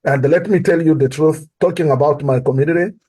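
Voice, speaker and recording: A man's voice: a little high, a little fast, dark tone, breathy edge. A man from Africa with an accent, earnestly coaching on sales follow-up and repeating key phrases for emphasis. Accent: non-native English. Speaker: guest.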